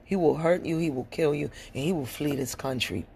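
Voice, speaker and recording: A woman's voice: sits low, fairly quick, gravelly, darkish tone, slight background noise. A woman voicing a grave warning coworker. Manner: earnest, warning. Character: grave male coworker giving a stern warning.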